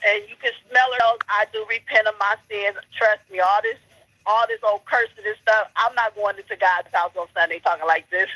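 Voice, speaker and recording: Woman caller, trash-talking, preachy, bright voice, phone line. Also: medium pitch, no room sound. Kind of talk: heated call-in commentary.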